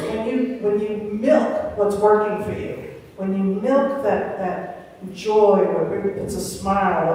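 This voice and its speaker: An older woman with a mid-range, darkish voice is the guest speaker at a Sunday gathering, heard from a distant mic with slight background noise in a large, echoey spiritual-center hall. Her spiritual talk is chatty and rambling, and she often imitates the voices she quotes.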